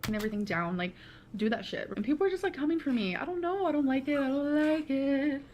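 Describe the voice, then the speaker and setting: A woman's voice: sits high, animated, darkish tone, slight background noise. A woman talking earnestly in a confessional vlog, dragging out her words. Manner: earnest, slow, drawn-out words. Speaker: video blogger.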